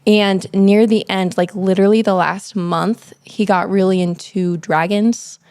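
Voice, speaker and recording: A woman's voice: mid-range voice, fairly even intonation, unhurried, a little mellow, smooth, dry recording, clean studio sound. A woman guest on a podcast, chatting casually and eagerly affirming the other speaker. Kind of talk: casual conversation.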